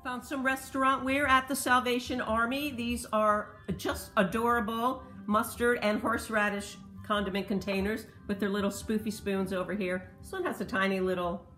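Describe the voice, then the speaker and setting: A woman's voice: on the high side, fairly even intonation, normal speed, hardly any pauses, bright, forceful tone. Woman reseller, casual vlog host, chatty show-and-tell, roomy echo, faint music behind. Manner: chatty, detail-focused, explains pottery history. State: slight cough. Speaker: thrift reseller showing finds.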